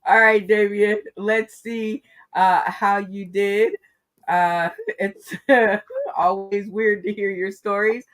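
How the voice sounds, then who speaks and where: A woman's voice: mid-range voice, fairly even intonation, slow. A woman hosting an online comedy game show over a video call, laid-back and chatty.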